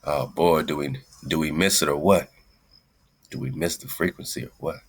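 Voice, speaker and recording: A man's voice: extremely low pitch, moderate pace, husky. A man hosting an internet radio show, talking in loose, slangy, rambling casual chat and calling his listeners "man.". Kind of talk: casual livestream talk.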